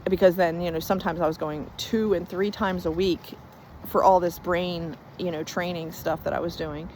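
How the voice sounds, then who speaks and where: Lower-voiced woman sharing a chatty faith testimony. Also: steady tone, normal speed, darkish tone, slight background noise, rough recording. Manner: chatty storytelling, reenacts conversations with "and I'm like"; earnest, emphatic about faith. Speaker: faith-based life coach. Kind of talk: casual personal testimony.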